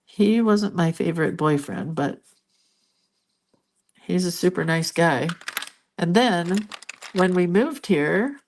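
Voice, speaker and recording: An older woman chatting casually as she colors, rambling into stories with soft, murmured asides at her art desk. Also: fairly low pitch, expressive, takes it slowly, pauses often, a little hiss or hum. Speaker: art vlogger. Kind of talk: casual chat while coloring.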